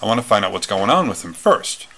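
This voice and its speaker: Gravelly, bright-toned man telling a story. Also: on the low side, sing-song, fast talker. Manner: rambling, many fillers and restarts. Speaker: retreat speaker. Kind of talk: personal storytelling talk.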